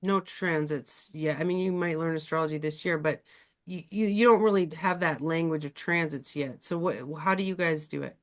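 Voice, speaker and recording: A woman astrologer hosting a casual podcast chat, talking in an animated, chatty way with many fillers. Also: sits low, normal speed. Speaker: astrologer and host.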